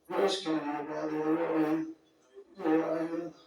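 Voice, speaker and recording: A man's voice: on the high side, flat delivery, slow. A man giving a rambling, off-the-cuff speech as a political leader at a summit, full of digressions and superlatives. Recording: very echoey hall, distant mic, faint music.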